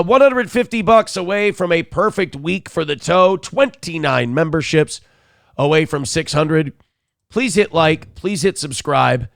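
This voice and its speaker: A man's voice: a little high, creaky, no room sound, studio quality. A sick, cranky man hosting a live morning show, crude and profane, mocking others with put-on voices. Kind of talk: profane live-stream commentary.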